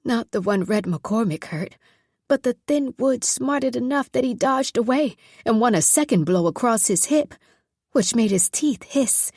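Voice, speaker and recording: A woman reading a novel aloud in steady, measured narration. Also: fairly high pitch, husky, no room sound, clean studio sound. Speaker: audiobook narrator. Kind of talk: scripted narration.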